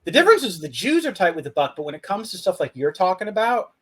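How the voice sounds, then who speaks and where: Podcast guy ribbing his cohost, slightly high voice, quick jabs and swearing. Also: big pitch swings. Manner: teasing, interrupts with quick questions, swears. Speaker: podcast co-host. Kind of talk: casual podcast banter.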